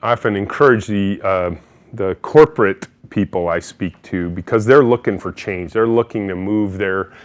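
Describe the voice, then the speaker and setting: A man's voice: on the low side, moderate pace. A middle-aged man, a company CEO, giving a storytelling keynote talk and acting out the people in his anecdotes. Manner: energetic, animated storyteller who acts out quotes.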